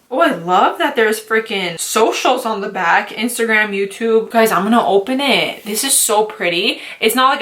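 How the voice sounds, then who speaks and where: A young woman beauty vlogger with a medium-pitched voice narrates an excited unboxing and makeup tutorial. She gushes dramatically and uses lots of slang.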